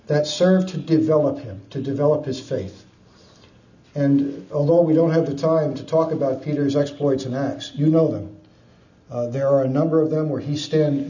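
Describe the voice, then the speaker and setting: A man preaching a sermon, retelling scripture with lively storytelling, chuckles and frequent fillers. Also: medium pitch. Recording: distant, dull, echoey room.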